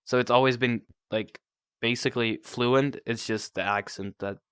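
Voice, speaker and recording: A man's voice: mid-range voice, steady tone, moderate pace, fairly bright tone, clear, resonant tone, no echo, clean studio sound. A young man from the Netherlands with a Dutch accent, hosting a casual podcast chat and teasing his guest. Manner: chatty, teasing, many fillers. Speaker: podcast host.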